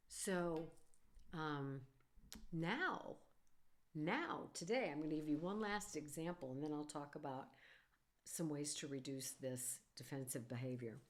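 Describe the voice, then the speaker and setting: A middle-aged woman with a somewhat low voice hosts a solo podcast. She talks in an earnest, warm, advice-giving way and draws on stories from her own life. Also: a little slow. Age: middle-aged or older. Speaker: podcast host, psychologist. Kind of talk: casual solo podcast talk.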